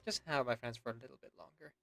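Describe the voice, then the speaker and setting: A man's voice: mid-range voice, quick pace, vocal fry, loud music behind the voice. A man hosting a live stream, talking casually and laughing often with his co-host. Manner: relaxed, chatty, laughs often.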